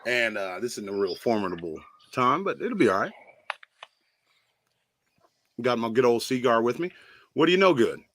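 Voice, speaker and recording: A man's voice: mid-range voice, big pitch swings, normal speed, long pauses, fairly bright tone, no room sound. A man hosting a late-night online show, talking in a loose, folksy way. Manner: loose, folksy, hesitant with fillers. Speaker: host.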